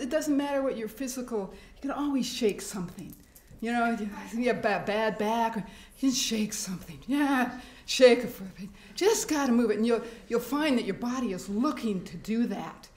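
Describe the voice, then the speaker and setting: A middle-aged woman giving a workshop talk to a live audience, animated and laughing often as she acts out fearful thoughts. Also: fairly high pitch, moderate pace. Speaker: workshop speaker. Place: hospital meeting room. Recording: echoey room.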